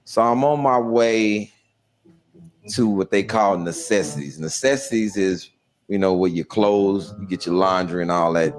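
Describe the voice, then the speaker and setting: A man's voice: low voice, measured pace. A man telling a stand-up comedy story, voicing the people in it and laughing through his lines. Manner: animated, voices other inmates, laughs through lines.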